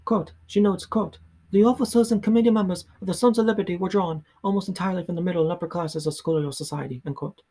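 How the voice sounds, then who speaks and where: A man reading a history book aloud in a soft ASMR style, slow and halting, often stumbling and restarting words. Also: high voice, breathy edge. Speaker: ASMR reader.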